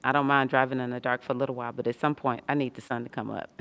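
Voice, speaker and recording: Her pitch is extremely low and her delivery flat and rapid-fire, with a fairly bright tone. An adult woman with a son who hosts an astrology livestream, she chats casually from a hospital room, reading out viewer comments and frequently laughing.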